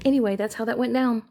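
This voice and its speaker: A woman chatting casually on a livestream, repeating herself and sliding from soft mutters into sudden high squeals. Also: gravelly. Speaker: TikTok live streamer. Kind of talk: casual rambling chat.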